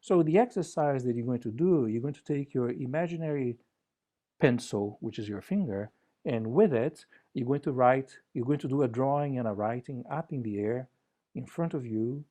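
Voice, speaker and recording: Speaking over a video call, a conference speaker gives a relaxed talk in a medium-pitched voice at normal speed. He jokes playfully and gently guides his listeners through exercises.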